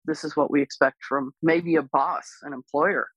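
A woman dog trainer speaking as an interview guest, explaining patiently and calmly, with lively bursts when she imitates other people. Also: sits low, moderate pace, husky, no echo, highs cut off. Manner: calm, explains patiently, animated when imitating excited owners. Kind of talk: casual explanatory interview talk.

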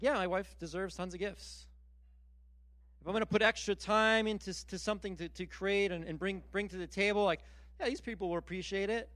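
A middle-aged man preaching a sermon, animated and emphatic, often repeating and restarting words. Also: sits high, no echo. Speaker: pastor.

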